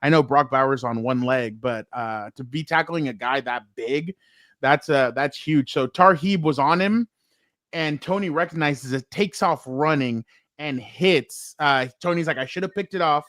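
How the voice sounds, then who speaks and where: A man hosting a casual sports talk show, telling animated stories full of fillers and acted-out quotes. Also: medium pitch, unhurried, dry recording, studio quality. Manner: animated storyteller, many likes and fillers.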